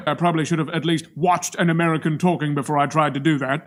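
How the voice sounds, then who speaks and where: A man's voice: on the high side, fairly even intonation, quick pace, a bit bright. A man from Australia talking to camera in a verbose, pontificating, projected manner with wry humor. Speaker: vlogger. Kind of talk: monologue to camera.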